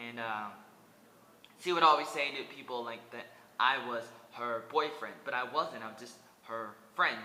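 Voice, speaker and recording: A man's voice: mid-range voice, bright, forceful tone, echoey room, long reverb tail, a little hiss or hum. A man in his twenties from Oregon, rambling earnestly in a personal vlog and speaking straight to his viewers, repeating himself. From Oregon, USA. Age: 20s. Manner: earnest and repetitive, addressing viewers directly. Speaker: vlogger.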